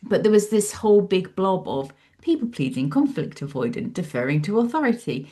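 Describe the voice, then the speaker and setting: With a mid-range voice and a slightly fast delivery, this psychologist and author in her 40s recounts her story as an interview guest. She's animated throughout, playing out her own past thoughts in lively asides.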